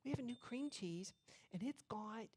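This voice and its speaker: A woman acting out a male bagel shop clerk who eagerly offers a new spread in a soft, half-whispered voice. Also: a little high, expressive, moderate pace, voice pushed up. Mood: tempting.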